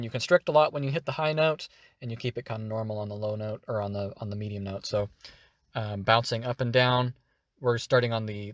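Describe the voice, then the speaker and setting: Guy teaching character voices, energetic, dry close sound. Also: medium pitch, dry recording. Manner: energetic, demonstrative. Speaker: voice acting teacher. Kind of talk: tutorial explanation.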